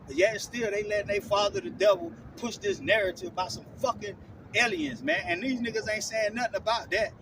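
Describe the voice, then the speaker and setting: A man's voice: sits high, brisk. A man preaching bluntly and profanely, tagging nearly every phrase with "man" or "all right?". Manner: scolding, blunt, profane street talk. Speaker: street preacher teaching scripture. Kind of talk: confrontational online sermon. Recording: distant mic with clear outdoor traffic noise.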